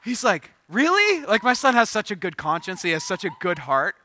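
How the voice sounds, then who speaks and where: A pastor in his thirties preaches a sermon, telling a funny, joke-filled story in an animated way before reading scripture. His voice is high and a little fast.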